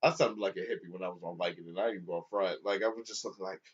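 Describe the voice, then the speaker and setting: A man's voice: low voice, very fast, husky. A man co-hosting a podcast who tells a story casually, swears freely and laughs often. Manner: animated, profane, laughs often. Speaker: podcast co-host. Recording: dull lo-fi recording.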